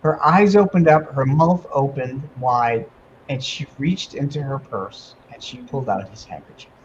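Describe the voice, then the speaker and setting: A man guest on a talk radio show, telling an emotional personal story in a casual, animated way with many fillers. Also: mid-range voice, normal speed, dull audio, slight background noise. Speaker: guest medium and author.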